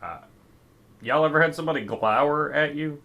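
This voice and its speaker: A man giving casual, deadpan, sarcastic let's-play commentary as a gaming video host. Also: fairly high pitch, lo-fi sound. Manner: slow, deadpan, sarcastic remarks.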